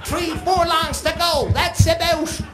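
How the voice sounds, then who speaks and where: A man doing an impression of an excitable older male horse-race commentator, calling the race in a sing-song way. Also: very high voice, slow, reverberant, music in the background, voice pushed up. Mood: breathless.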